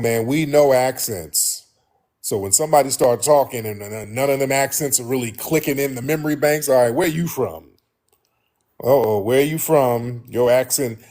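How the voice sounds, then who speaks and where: A man holds forth as a show host. His voice sits at an ordinary middle pitch. He speaks bluntly and with animation, circling back over the same points. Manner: animated, blunt, repeats himself. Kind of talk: casual monologue to listeners.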